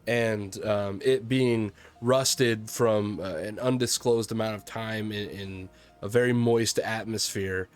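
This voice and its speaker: Casting: lowish-voiced male game master, halting narration, soft music underneath. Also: fairly even intonation, clean tone. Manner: halting, many ums and restarts.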